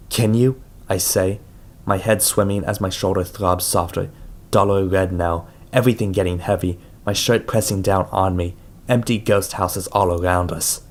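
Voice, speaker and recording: A man reading a first-person audiobook in a measured, somber way. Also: sits low. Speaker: audiobook reader.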